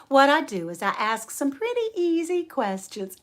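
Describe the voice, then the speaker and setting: A woman hosting a casual livestream, chatting warmly with viewers, laughing often and reading out their names. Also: high voice, sing-song, a little slow. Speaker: homestead channel host.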